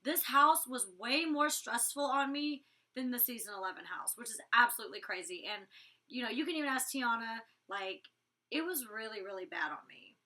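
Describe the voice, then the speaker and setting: Reviewing an episode of the reality show she was cast in, a young woman talks fast and chatty, bluntly, full of "like" fillers and free swearing. She has a fairly high, expressive voice with a sharp tone, and the mic sits at a distance.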